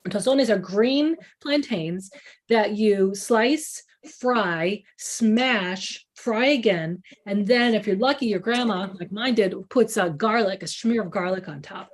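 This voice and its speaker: A woman journalist with a Chicago accent giving a relaxed library book talk, telling stories and acting out the people she quotes. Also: medium pitch, takes it slowly. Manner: chatty storyteller, acts out quoted people. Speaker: culinary journalist, author. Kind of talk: library book talk over video call.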